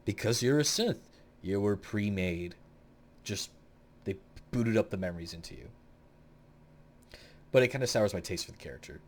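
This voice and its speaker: Young adult male host, low-ish voice with animated pitch, rambling and opinionated, casual gaming chat. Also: fairly quick, long pauses. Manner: rambling, blunt and opinionated, swears freely. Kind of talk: casual tier-list commentary.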